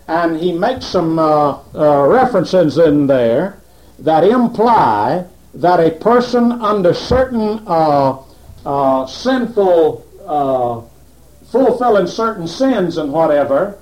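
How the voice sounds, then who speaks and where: A male preacher giving a conversational sermon, asking rhetorical questions and pausing to work through scripture. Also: sits high, darkish tone, rough recording.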